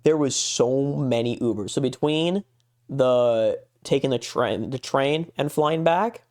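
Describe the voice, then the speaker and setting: A man's voice: mid-range voice, slow, darkish tone. A man co-hosting a casual podcast, ranting in an exasperated way with heavy swearing and a voice that jumps up when he gets worked up. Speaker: podcast co-host.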